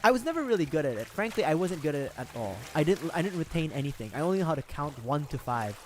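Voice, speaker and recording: A man's voice: on the high side, sing-song, quick pace, slight background noise. A man from the Philippines chatting casually with viewers on a gaming livestream, laughing often and swearing freely as he rambles.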